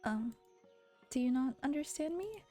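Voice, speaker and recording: A woman's voice: high voice, animated, measured pace, warm tone, soft background music, pitched above the performer's own voice. A woman voicing a peppy, determined young foreign woman who talks earnestly and stammers when flustered.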